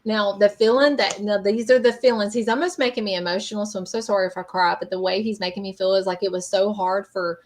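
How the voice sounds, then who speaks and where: A woman's voice: medium pitch, a little hiss or hum, poor audio. A woman hosting a live-streamed psychic reading, rambling and hesitant with many fillers. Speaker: psychic medium host. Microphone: streaming mic.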